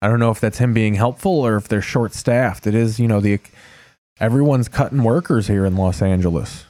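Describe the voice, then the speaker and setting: A man's voice: lowish voice, a little fast, darkish tone. A man hosting a casual live stream, talking loosely over TV clips with profane, wry asides. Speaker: streamer host.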